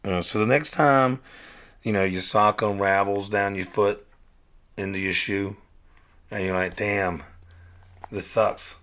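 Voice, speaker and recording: A podcast host with a fairly low voice and fairly bright tone rambles through a casual monologue, calling his listeners y'all. He curses, repeats himself, and restarts sentences, all on a dull lo-fi recording.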